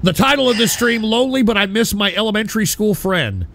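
A man streaming live, commenting on a raid with mock concern and loud exclamations. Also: sits high, expressive, fast. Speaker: streamer reacting to raids.

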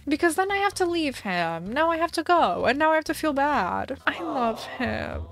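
A young woman chatting casually through a gaming session, expressive, laughing often and squealing at good luck. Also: sits high, normal speed, few pauses, a crowd in the background. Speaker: gaming video creator. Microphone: headset or desk mic.

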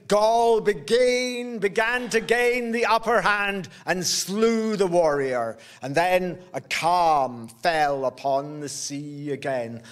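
A male storyteller unfolds an old tale in a slow, measured rhythm. His voice sits high for a man, and he lets each phrase land before the next. It is a live telling indoors at a workshop event. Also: smooth.

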